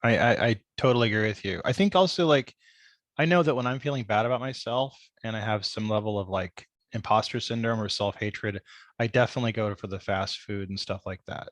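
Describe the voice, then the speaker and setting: A man's voice: on the low side, fairly quick, a bit bright, no room sound. A man hosting a podcast interview, agreeable and chatty with his guest. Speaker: podcast host. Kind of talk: casual interview chat.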